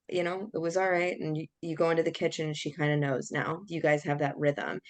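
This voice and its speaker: A low-pitched woman's voice, recorded with no room sound, belongs to a young adult podcast host. She chats casually and candidly about a personal story, acting out the quotes.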